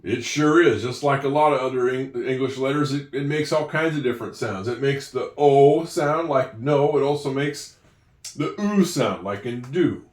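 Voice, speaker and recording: A man's voice: mid-range voice, normal speed, distant mic. A man giving a patient, step-by-step handwriting lesson, with a few self-deprecating asides. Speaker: teacher. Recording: echoey room, voice a bit off-mic.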